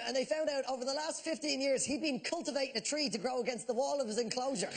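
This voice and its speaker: An Irish man doing a stand-up bit, telling stories quickly with mock outrage. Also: very high-pitched, gravelly. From Ireland. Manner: rapid storytelling, mock outrage. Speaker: comedian. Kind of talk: stand-up routine. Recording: noisy live studio recording.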